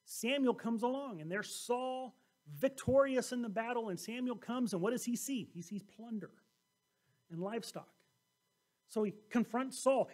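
A man preaching a sermon as pastor, telling scripture stories in a lively way and acting out the voices of the people in them. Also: very high-pitched, normal speed. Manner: animated storytelling, acting out quoted voices.

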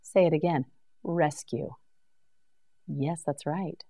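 A woman teaching English vocabulary in a slow scripted drill, enunciating each word clearly and patiently. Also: fairly low pitch, lively intonation, a little mellow.

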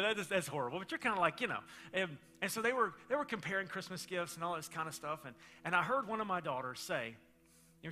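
A middle-aged pastor with a fairly high voice preaches a sermon, telling stories in a loose, conversational way. He swings between loud bursts and hushed moments.

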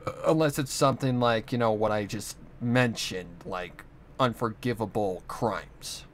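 A man's voice: fairly low pitch, unhurried, slight background noise. A young man talking into the camera in a rambling, earnest monologue, swearing often as he talks about his own past. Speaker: channel host. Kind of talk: casual monologue.

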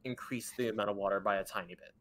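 A man's voice: fairly low pitch, steady tone, very fast, a bit bright, slight background noise. A man running a tabletop game as dungeon master over a voice call, often restarting his sentences as he explains the rules.

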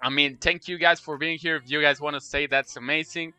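A man streaming a game live, talking to his chat in an excitable way, repeating himself and gushing thanks. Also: on the high side, a little fast, clean tone, no room sound, soft background music. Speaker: Roblox streamer.

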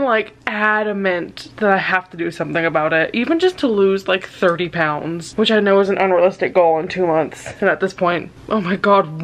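A young woman with a lowish, slightly bright voice chats casually in a vlog about what she's been reading. She sounds tearful, candid and self-deprecating, and she swears now and then.

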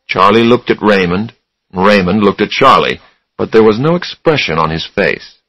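A man narrating a story for English learners in a slow, deliberate, expressive way. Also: on the low side, no room sound, poor audio.

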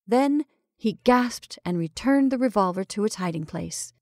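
A woman reading a classic short story aloud in a measured, expressive storytelling style. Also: mid-range voice, dry recording, clean studio sound. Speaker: story reader. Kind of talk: scripted storytelling narration.

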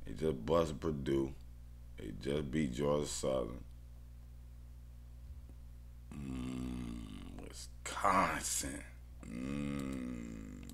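A man's voice: extremely low pitch, vocal fry. A man thinking aloud about his football bets in casual slang, often muttering to himself. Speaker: sports bettor.

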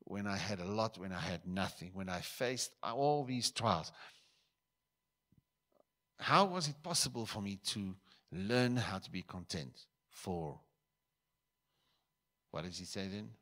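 A man with a somewhat low voice preaches a sermon to his church. He is from South Africa, and his delivery swings between forceful, raised bursts and soft, hushed asides. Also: animated, measured pace. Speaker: pastor.

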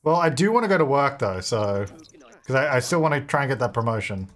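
A man's voice: mid-range voice, lively intonation, quick pace, a bit bright. A man giving casual gameplay commentary, chatty, talking to his game characters and laughing often. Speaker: gaming video creator.

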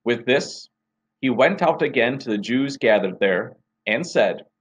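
A man, a pastor, reading scripture aloud and opening a devotion in a measured, deliberate way. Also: medium pitch, lively intonation, slightly rough.

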